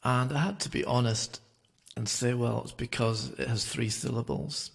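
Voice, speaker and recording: A man's voice: medium pitch, moderate pace, vocal fry, slightly rough. Guy talking between songs on a home stream, loose and rambly, lots of ums. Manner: relaxed, rambling, with many fillers. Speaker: singer-songwriter. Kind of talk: chatty livestream patter between songs.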